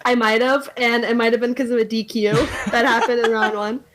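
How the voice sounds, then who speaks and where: A woman's voice: on the high side, level tone, a little fast, heavy background noise. Laughing young woman telling a story. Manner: storytelling with frequent laughs and fillers. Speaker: podcast guest. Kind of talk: casual chat.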